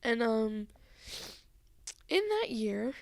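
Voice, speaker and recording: A woman's voice: fairly high pitch, extremely slow, vocal fry, no room sound, studio quality. A young woman giving a heartfelt, teary message to her best friend and co-host, laughing and swearing casually. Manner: emotional, laughing through tears, casual swearing.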